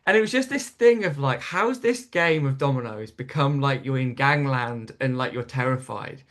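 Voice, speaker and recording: A stand-up comedian from North East England tells an anecdote in a relaxed podcast conversation. He talks in an animated way, often restarting his sentences as he goes. His pitch sits in the middle range for a man. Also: normal speed, few pauses. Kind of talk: storytelling in casual interview.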